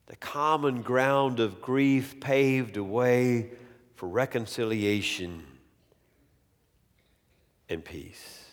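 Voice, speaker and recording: A male preacher delivering a sermon slowly and emphatically, repeating key phrases for weight. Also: medium pitch. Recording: long hall reverb.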